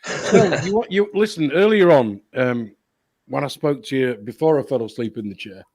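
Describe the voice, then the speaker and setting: A man's voice: medium pitch, expressive, moderate pace, a little mellow, dry recording. A tired man co-hosting a casual live stream, laid-back and dry. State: tired, yawning. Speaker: co-host.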